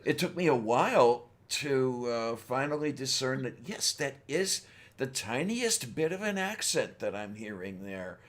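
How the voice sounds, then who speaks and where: A man's voice: medium pitch, sing-song, measured pace, few pauses. A man hosting a casual online chat show, playful and joking, laughing often. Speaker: host.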